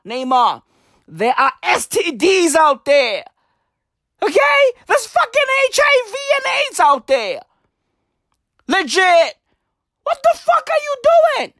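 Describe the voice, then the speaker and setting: A woman's voice: high voice, fairly bright tone, dry recording, clean studio sound. A woman delivering a profane comedic rant, hammering points home and checking in with constant questions. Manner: profane, emphatic, keeps repeating "right?".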